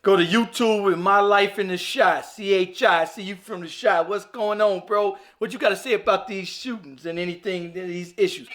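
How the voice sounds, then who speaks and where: A man's voice: sits high, normal speed, few pauses, fairly bright tone. A man hosting a livestream, commenting on videos in an emphatic way and repeating phrases over and over. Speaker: livestream host.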